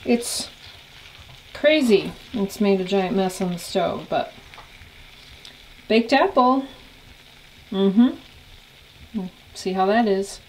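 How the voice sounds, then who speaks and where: A woman vlogging in a small cabin, relaxed and unhurried, sometimes dropping to a whisper and talking softly to her dog. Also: mid-range voice. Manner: drops to a whisper at times. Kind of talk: casual vlog narration. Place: small off-grid wooden cabin, indoors.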